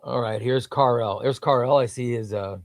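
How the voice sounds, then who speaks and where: A man's voice: medium pitch, measured pace, creaky, no room sound, studio quality. A man hosting a casual comics livestream, reading viewer comments in an enthusiastic, rambling way.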